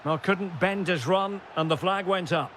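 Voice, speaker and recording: A man giving excitable play-by-play football commentary for a video game, calling player names in short clipped bursts and shouting at goals. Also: high-pitched, normal speed, a little hiss or hum.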